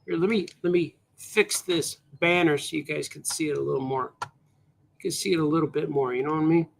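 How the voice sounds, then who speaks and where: A cartoonist with a highish voice and vocal fry talks a little fast on a livestream, showing off his comic pages. He's laid-back and rambling, saying "hey, man" a lot.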